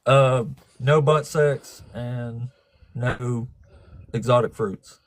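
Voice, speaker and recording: A man's voice: medium pitch, fairly even intonation, drawn-out words. A man hosting a casual live-stream debate, talking in a laid-back, dry and sarcastic way. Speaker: atheist debate host.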